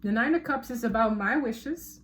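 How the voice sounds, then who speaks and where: A woman's voice: fairly high pitch, normal speed, a little hiss or hum. A woman giving a casual tarot reading to her viewers, talking emphatically and repeating words for stress. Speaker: tarot reader.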